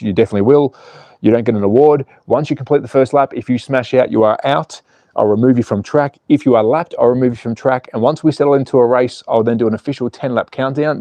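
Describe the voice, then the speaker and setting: A man's voice: mid-range voice, fast talker, mellow, dry recording. A man hosting a live stream, joking with viewers and calling a toy car race in a chatty, jokey way. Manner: jokey, chatty, reads viewer comments aloud. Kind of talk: live race commentary and chat.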